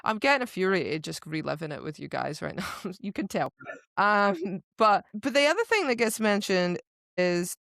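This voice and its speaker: Gravelly-voiced woman, dry close sound. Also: mid-range voice, moderate pace, no room sound. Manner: animated and exasperated, swears freely. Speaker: book podcast co-host. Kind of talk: casual book discussion.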